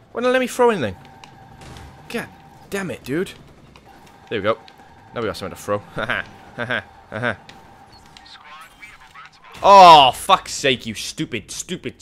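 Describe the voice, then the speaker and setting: A man's voice: medium pitch, bright, forceful tone, a little hiss or hum. A man giving live, panicky commentary on his own gameplay, swearing and talking to himself. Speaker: gaming YouTuber.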